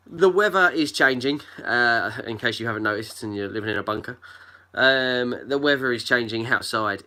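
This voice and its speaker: A man's voice: mid-range voice, bright, forceful tone. A man hosting a casual live stream from home on his phone, chatting and greeting viewers by name. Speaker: geocaching livestream host.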